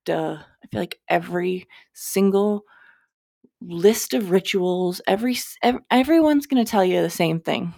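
A woman's voice: fairly low pitch, unhurried, gravelly, darkish tone, no room sound, clean studio sound. A young woman hosting a podcast, giving casual spiritual advice in a candid, chatty way, sometimes swearing and cutting herself off. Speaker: podcast host.

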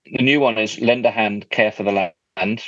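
A man's voice: lowish voice, fairly even intonation, normal speed, fairly bright tone, dry recording, muffled recording. A man hosting a casual podcast, reading out listener letters with a jokey, teasing manner. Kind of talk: casual chat.

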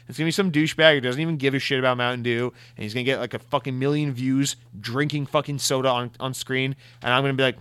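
A fast-talking man with a mid-range voice rarely pauses as he responds to listener mail on his show; the tone is clean, with no echo. It's an animated, swear-filled, exasperated rant peppered with mocking voices.

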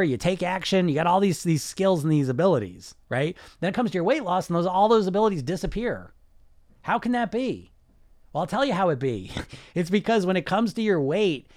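Man, weight loss coach, emphatic, profane, rhetorical questions, somewhat high voice. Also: no echo, studio quality. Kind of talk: podcast monologue.

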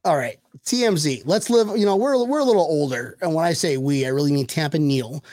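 Crude, joking co-host, man, a bit high-pitched, dry close recording. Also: expressive, a little fast, a little mellow, dry recording. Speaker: podcast co-host. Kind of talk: casual podcast chat.

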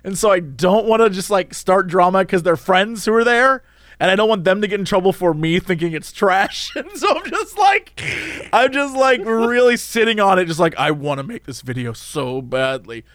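A man with a high, bouncy voice chats casually with a co-host, swinging his pitch all over as he jokes and mimics people. The sound is dry and close, with no room around it. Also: normal speed, no echo. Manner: animated, playful, mimics others in quoted voices. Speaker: podcast co-host. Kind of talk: casual chat.

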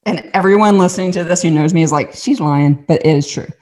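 A woman with a notably low, deep speaking voice, sharing a candid personal testimony as a podcast guest. She tells her story in an animated way, circling back and restarting her sentences and adding asides as she goes. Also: fast talker. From Southern United States.

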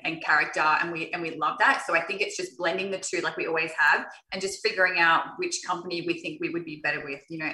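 Aussie woman guest, bright voice, sounds kinda far off the mic in an echoey room, rambles and repeats herself. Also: fairly low pitch. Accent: Australian. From Australia. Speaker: guest wrestler. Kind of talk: casual interview chat.

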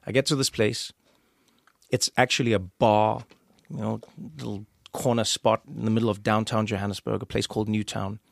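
A man with a South African accent, hosting a casual conversation and telling stories with lively acted-out quotes. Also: fairly low pitch, moderate pace, vocal fry, dry recording, clean studio sound. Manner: animated storyteller, acts out quoted voices. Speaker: podcast host.

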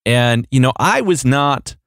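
A man's voice: mid-range voice, lively intonation, unhurried, fairly bright tone, dry recording, studio quality. A man co-hosting a podcast in casual chat, jokey and fond of acting out little voices. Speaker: podcast co-host.

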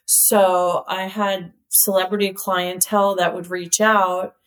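A woman who is a company CEO and cosmetic chemist, telling stories as an interview guest in a lively way, laughing often and using lots of "like.". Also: medium pitch, slow pace. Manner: lively storyteller, laughs often, many "like" fillers. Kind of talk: casual chat, telling stories.

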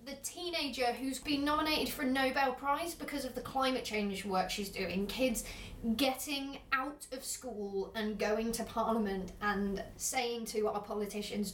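A woman's voice: a little high, a little hiss or hum. A woman co-hosting a podcast, chatting casually in a wry, outspoken way. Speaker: podcast co-host. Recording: echoey room, slightly distant mic.

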